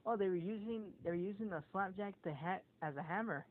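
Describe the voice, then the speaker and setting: A man's voice: high voice, a little fast. Profane rambling guy on a tinny line. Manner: profane, rambling storyteller who acts out quotes. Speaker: podcast co-host. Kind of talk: casual chat. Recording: tinny phone-like audio with faint noise.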